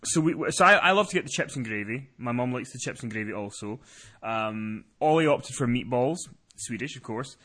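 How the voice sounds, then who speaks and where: A man tells a story on a podcast in a lively, swooping voice. His tone is bright and forward. He rambles, doubles back and restarts as he goes. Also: medium pitch, fairly quick. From lives in Scotland. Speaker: podcast co-host. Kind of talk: casual podcast chat.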